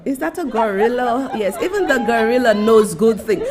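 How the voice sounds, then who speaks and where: A woman's voice: on the high side, animated, normal speed, hardly any pauses, darkish tone, a faint crowd, slight background noise. A woman from Saint Lucia with a Saint Lucian accent, hosting a live-stream commentary and speaking emphatically, addressing her listeners and officials directly. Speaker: livestream host.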